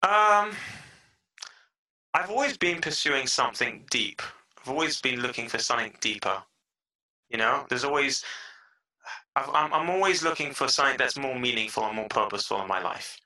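A man with a British accent, a podcast guest in a casual interview, telling stories with lively energy and playful voices. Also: medium pitch, moderate pace, pauses often, low-quality recording. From England.

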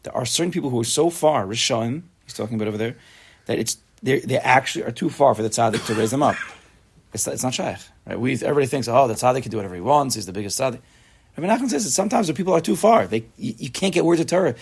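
Husky fast-talking rabbi teaching a class. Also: male voice, medium pitch. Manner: quick, animated, chatty with students. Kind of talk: informal Torah class.

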